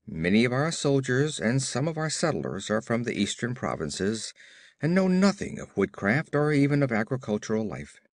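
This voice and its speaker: A man's voice: mid-range voice, very animated, normal speed, no room sound, studio quality. A man voicing a young, earnest frontier governor who speaks formally and sounds worried, read as an audiobook character.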